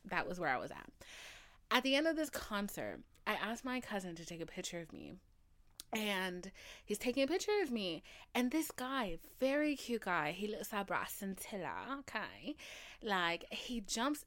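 A young woman in her twenties, a podcast host telling casual stories with lots of swearing and laughter. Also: medium pitch. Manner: animated, swearing, laughing often. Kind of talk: casual storytelling.

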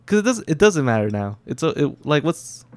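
A man's voice: on the high side, big pitch swings, fairly quick. A man in a casual movie discussion, laid-back, often saying "dude" and "like".

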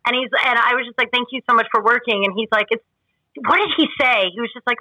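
A woman's voice: a little high, quick pace, bright, forceful tone, no echo, muffled recording. A woman guest chatting casually on a podcast, emotional and rambling, with many restarts. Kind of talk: casual chat.

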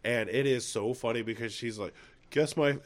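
A podcast host with a medium-pitched voice chats casually and fairly quickly. He tells stories in an animated way and laughs often.

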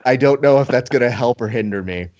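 A man hosting a casual talk show, building up a playful rant with theatrical, mock-angry storytelling. His voice sits at an ordinary pitch. The recording sounds a little dull and lo-fi. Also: fast, a little mellow. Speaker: podcast co-host. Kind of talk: casual banter, playful ranting.

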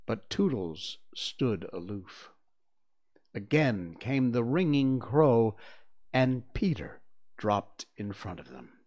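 Man reading a storybook, slow, lively voice, theatrical, lowish pitch. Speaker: reader.

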